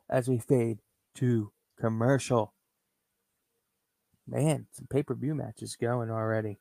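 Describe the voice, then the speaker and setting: A man's voice: medium pitch, steady tone, slow pace, vocal fry, pauses often, no room sound. A man hosting a podcast, narrating a toy wrestling show play by play and calling out names like a ring announcer. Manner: announcer-style, calls wrestlers' names loudly. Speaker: podcast host.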